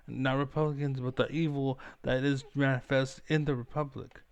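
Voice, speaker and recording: A man's voice: mid-range voice, flat delivery, normal speed, very noisy. A young man rambling through a profane, repetitive, self-assured rant, sure of his own cleverness. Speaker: streamer.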